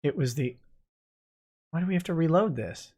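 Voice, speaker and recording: A man's voice: fairly high pitch, animated, moderate pace, a little mellow. A man, a lawyer hosting a late-night livestream, reading viewer comments aloud and joking about them in a casual, wry way.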